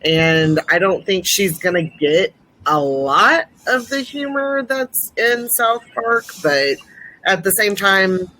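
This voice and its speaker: Bright teasing woman on a podcast. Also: mid-range voice, expressive, takes it slowly, rough recording. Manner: laughs easily, teasing. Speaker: podcast co-host. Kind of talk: casual chat.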